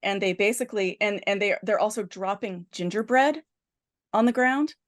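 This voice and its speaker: Woman on a podcast gushing thru a movie plot, lots of like and um, middle pitch. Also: normal speed. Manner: animated storyteller, lots of "like" and restarts. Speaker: podcast host. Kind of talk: casual chat, retelling a film plot.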